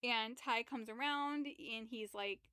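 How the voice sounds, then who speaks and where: A woman's voice: fairly high pitch, takes it slowly, bright, forceful tone, clean tone, dry recording, clean studio sound. A woman co-hosting a podcast, casually retelling a book's plot, rambling, swearing freely and acting out the characters' lines. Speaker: podcast co-host. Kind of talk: casual book recap chat.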